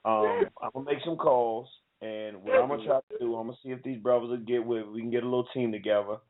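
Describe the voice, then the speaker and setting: A man hosting a call-in radio show, talking to callers in a calm, plain-spoken way. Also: medium pitch, fast, narrow, tinny audio, crowd noise. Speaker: radio host.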